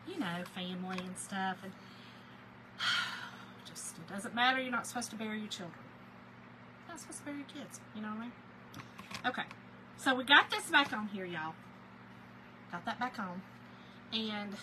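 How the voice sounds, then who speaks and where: A woman's voice: mid-range voice, normal speed, long pauses, noisy background. A woman with a Southern US accent, chatting casually on a live stream as she crafts and greets viewers by name. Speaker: livestream crafter.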